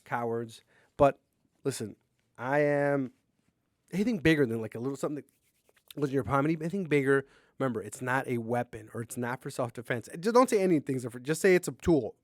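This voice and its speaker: A man's voice: medium pitch, lively intonation, no echo, studio quality. A man hosting his own podcast alone, telling a long story in a rambling, profane, joking way. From Mexican-American. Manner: rambling, profane, joking, quick swings in loudness. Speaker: podcast host. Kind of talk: casual solo storytelling. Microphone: camera on a desk, seen on video.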